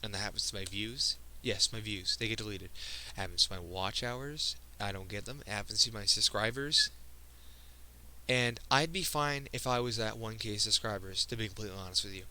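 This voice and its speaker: A teenage guy talks straight to his viewers, sounding emotional. His tone is very bright and cutting, set in a fairly low register. He speaks earnestly and keeps breaking off mid-sentence to start over. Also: rough recording. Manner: earnest, halting, frequent restarts. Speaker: video creator. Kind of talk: personal vlog monologue.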